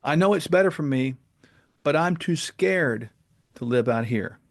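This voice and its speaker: A frightened grown man pleads through tears, as a male storyteller puts him on. The voice is pushed well above the storyteller's usual pitch and keeps a gravelly edge. He sounds desperate and unsure of himself. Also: lively intonation, a little slow. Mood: pleading. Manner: pleading, tearful. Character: frightened grown man begging to go back to jail.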